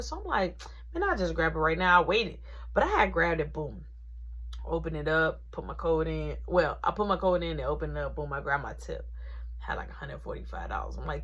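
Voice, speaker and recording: A woman telling a casual story about her job in a slangy, animated way, acting out the quotes. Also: deep voice, a little fast, breathy edge, highs cut off. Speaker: storyteller recounting a work story.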